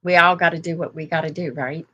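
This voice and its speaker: A woman's voice: sits low, steady tone, fast talker, sharp tone, muffled recording. An older woman hosting a casual live chat, rambling through stories and laughing often. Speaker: host.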